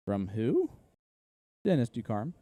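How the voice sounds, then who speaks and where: A man's voice: medium pitch, huge pitch swings, slow, mellow, no echo. A man from Indiana with an Indiana accent giving casual, analytical play-by-play commentary on a live darts match.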